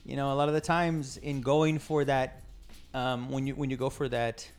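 A man's voice: medium pitch, flat delivery, normal speed, smooth. A man in casual gaming chat, rambling with many restarts and asking "you know what I mean". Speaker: podcast co-host.

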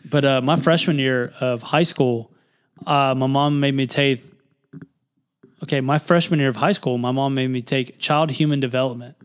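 A man's voice: moderate pace, smooth. A young man, co-hosting a podcast and telling a story in casual, swearing chat. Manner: animated, swearing, jumps to high pitch for quoted voices. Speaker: podcast co-host.

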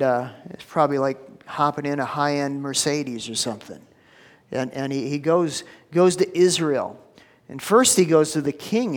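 A man preaching a sermon, telling a story with lively acted-out voices and sudden drops to a whisper. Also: fairly high pitch, in a large hall. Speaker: pastor.

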